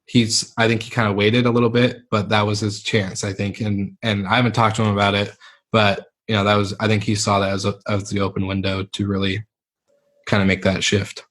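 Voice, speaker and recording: Young male guest with a lowish voice, relaxed, rambling storyteller. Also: a little fast. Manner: laid-back, rambling with many fillers. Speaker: podcast guest. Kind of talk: candid storytelling interview.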